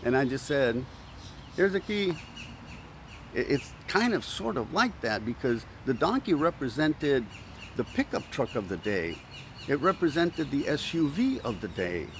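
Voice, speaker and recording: Lively pastor with faint background noise. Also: male voice, medium pitch, moderate pace. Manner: animated storytelling, acts out quoted voices, frequent stammered restarts. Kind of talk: sermon.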